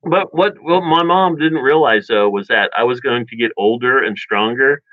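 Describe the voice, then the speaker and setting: A man's voice: mid-range voice, moderate pace, no echo. Man, casual storytelling, rambling with restarts, dry close sound, dull lo-fi recording. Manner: rambling, animated, many restarts and chuckles. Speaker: guest telling childhood stories.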